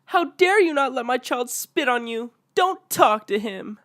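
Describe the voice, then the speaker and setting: A man doing a shrill, scolding entitled mother. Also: animated, a little slow, fairly bright tone, heavily acted. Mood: indignant. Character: shrill, indignant entitled mother, middle-aged woman. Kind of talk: read-aloud online story.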